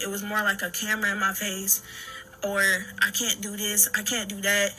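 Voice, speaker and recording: A woman recounting her own story in halting, earnest talk full of restarts and fillers. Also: medium pitch, pushed and bright, low-quality recording. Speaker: daughter telling her story. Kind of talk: personal account.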